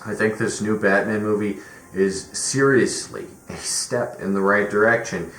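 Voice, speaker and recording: A man's voice: on the low side, a little slow, fairly bright tone, soft background music. A man giving a rambling, opinionated movie review, full of fillers and swearing. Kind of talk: casual spoken movie review. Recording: roomy echo with faint background noise.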